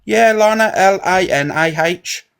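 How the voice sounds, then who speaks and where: A man's voice: sits high, unhurried, vocal fry, fairly bright tone. A man ranting in a heated live chat, confrontational and swearing. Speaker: live stream guest.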